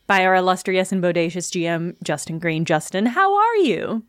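A woman's voice: on the low side, animated, moderate pace, dry recording, studio quality. A woman hosting a tabletop actual-play show, bubbly and giggly in casual chat. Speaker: host and player.

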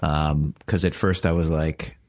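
Low-voiced man, thoughtful and measured. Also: little pitch movement, a little mellow. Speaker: podcast panelist. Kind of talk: casual chat.

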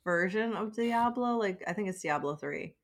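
A woman's voice: medium pitch, lively intonation, normal speed. A woman co-hosting a podcast in casual chat, dry and sarcastic in manner. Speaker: podcast co-host.

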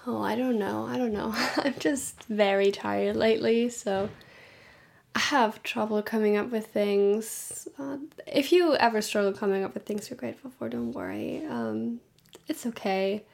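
Tired young woman, gravelly edge. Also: a little high, takes it slowly. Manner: rambling, tired, with frequent ums and soft laughs. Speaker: podcast host. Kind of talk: casual solo podcast chat. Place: home room with noisy activity below.

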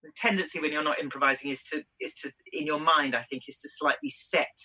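A woman's voice: low voice, fairly even intonation, fast, pushed and bright, low-quality recording. A British woman, an actress, giving chatty, thoughtful interview answers with frequent small laughs and restarts. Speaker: actress guest.

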